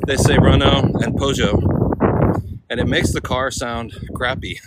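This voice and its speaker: A man's voice: medium pitch, little pitch movement, unhurried. Rambling man vlogging on noisy streets. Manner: rambling, laid-back, laughs often, slangy. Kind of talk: casual walking vlog chat. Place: city streets outdoors. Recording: outdoor street noise behind.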